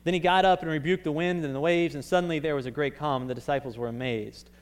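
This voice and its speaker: A young man preaching a sermon in a relaxed, conversational way, with frequent fillers and restarts. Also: on the high side, fast, hardly any pauses. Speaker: pastor. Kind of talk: casual sermon.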